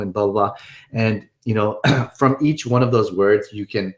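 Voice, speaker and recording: A man with a slightly low voice teaches a webinar in an easy, conversational way. He stays upbeat and keeps checking in with his listeners as he explains each point. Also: moderate pace. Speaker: webinar presenter. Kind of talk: casual instructional talk.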